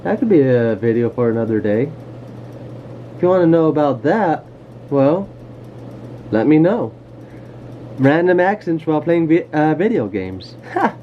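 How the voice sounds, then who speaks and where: A man's voice: mid-range voice, slight background noise. Goofy rambling man, dull lo-fi sound. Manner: goofy, self-deprecating, wanders off topic. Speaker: camera collector vlogger. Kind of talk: casual rambling talk to camera. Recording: dull lo-fi home video sound.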